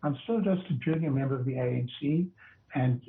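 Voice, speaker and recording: A man's voice: medium pitch, fairly quick, vocal fry. Older man on a tinny line. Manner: reflective storyteller, stumbles and repeats words. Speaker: interview guest, former judge. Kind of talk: recounting memories in an interview.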